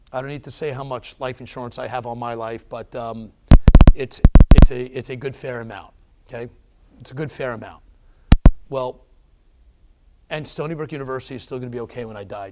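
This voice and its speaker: A middle-aged man telling a personal story as an interview guest. He talks in an animated, emphatic way, with plenty of fillers and restarts. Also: mid-range voice.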